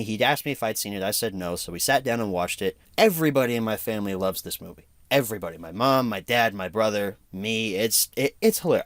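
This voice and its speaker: A young man giving a casual solo movie review, animated and laughing often. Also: lowish voice, no room sound.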